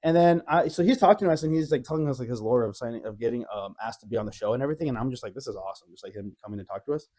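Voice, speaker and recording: A man co-hosting a casual podcast, telling a lively story with many fillers and frequent laughs. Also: medium pitch, racing, few pauses. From Arizona. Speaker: podcast co-host. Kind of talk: casual chat.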